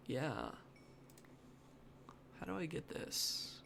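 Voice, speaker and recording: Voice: medium pitch, very animated, slow pace, gravelly, long pauses, a little hiss or hum. A streamer doing live gameplay commentary, muttering to themself and grumbling about their own mistakes. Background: background music and keyboard typing.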